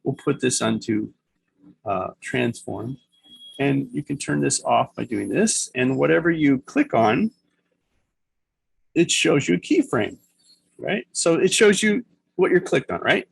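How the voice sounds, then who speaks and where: Casual instructor: a man with a gravelly, husky voice, chatty and rambling, teaching a software demo. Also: mid-range voice, lively intonation, measured pace, long pauses, poor audio. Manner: rambling, chatty, thinks aloud with laughs and sound effects. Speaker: animation instructor. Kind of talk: casual screen-recorded class demo.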